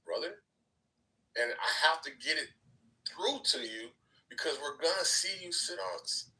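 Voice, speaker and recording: A man in a heated live debate in an online voice chat room, scolding and repeating himself, going from low muttering to loud outbursts. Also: very animated, moderate pace, distant mic, rough recording.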